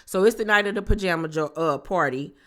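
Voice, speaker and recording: A woman recapping a reality TV episode in a casual, animated, gossipy way, with slangy exclamations. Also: on the low side, brisk. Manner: animated, gossipy retelling with acted-out quotes.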